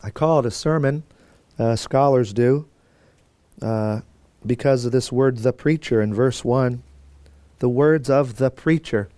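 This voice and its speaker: A man's voice: medium pitch, measured pace, warm tone, no echo. A man teaching a Bible course in a conversational lecture style, with fillers and restarts and quotes acted out. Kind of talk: classroom lecture.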